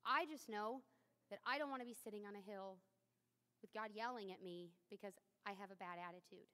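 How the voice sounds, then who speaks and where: A woman's voice: medium pitch, a little fast, bright, forceful tone, long reverb tail. A woman in her thirties preaching a sermon in a church, candid and self-deprecating, talking to the congregation like a friend. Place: church sanctuary.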